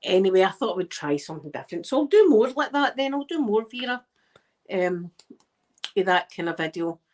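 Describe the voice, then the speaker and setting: Soft-spoken Scottish woman, rambling chat. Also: mid-range voice, sing-song, brisk, low-quality recording. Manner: rambling, chatty storyteller. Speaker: ASMR creator. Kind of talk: soft-spoken ASMR chat while knitting.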